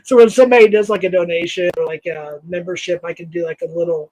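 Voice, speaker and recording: High-voiced man hosting a livestream. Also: fairly even intonation, quick pace, a little mellow, no room sound, low-quality recording. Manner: rambling, thankful, laughs often, trails off with fillers. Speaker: livestream host. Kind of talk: casual livestream chat.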